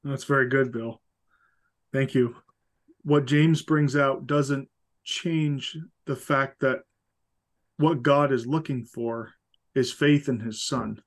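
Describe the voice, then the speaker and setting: A man in a Bible discussion, speaking slowly and calmly at a middle pitch. He affirms his co-host and adds his own brief points. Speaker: podcast co-host.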